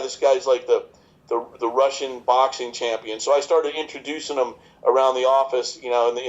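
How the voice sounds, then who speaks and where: A chiropractor from New York, a man in his fifties, rambles through his podcast interview answers in a medium-pitched voice. He jokes, restarts sentences often and leans on fillers, and the audio is a little dull and lo-fi.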